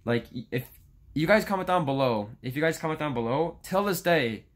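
A man's voice: a little high, lively intonation, a little fast. Frustrated nineteen-year-old guy ranting. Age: young adult. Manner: frustrated, rambling with restarts and frequent swearing. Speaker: YouTuber. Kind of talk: casual vlog rant.

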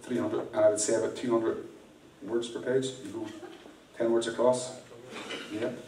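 A man's voice: on the low side, level tone, normal speed, warm tone. A man performing live mind-reading magic, playfully teasing and directing volunteers from the stage. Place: large indoor venue with audience. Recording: echoey room, distant mic, faint noise.

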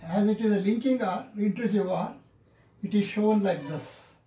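A man teaching English pronunciation in a classroom lecture, saying each example word several times in a drawn-out, deliberate way. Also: high-pitched, warm tone. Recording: echoey room.

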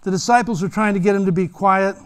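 Male pastor, high voice, lively sermon delivery with acted-out voices. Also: fast talker, smooth. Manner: animated storytelling, acts out voices. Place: church.

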